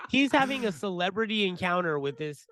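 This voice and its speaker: A man co-hosting a podcast, telling a story in a casual, profane, animated way and laughing as he goes. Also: high voice, moderate pace, a crowd in the background. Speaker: podcast co-host.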